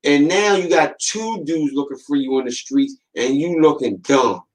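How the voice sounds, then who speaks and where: Slangy man hosting a podcast, slightly high voice. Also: normal speed, low-quality recording. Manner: slangy, streetwise storytelling that acts out quoted voices; warns and urges listeners with repeated "man" and "watch". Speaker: podcast host. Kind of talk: casual podcast monologue.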